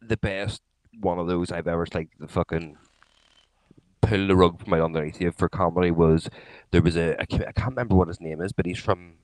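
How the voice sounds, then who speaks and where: A man's voice: low-pitched, fairly even intonation, brisk, dry recording, rough recording. A man co-hosting a casual podcast, telling loose, sweary stories full of restarts. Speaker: podcast co-host. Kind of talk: casual chat.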